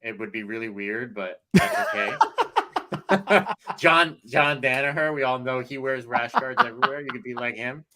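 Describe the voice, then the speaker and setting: A man, an author and jiu-jitsu instructor, chatting casually as a podcast guest, animated and laughing a lot. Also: mid-range voice, moderate pace. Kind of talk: casual interview chat.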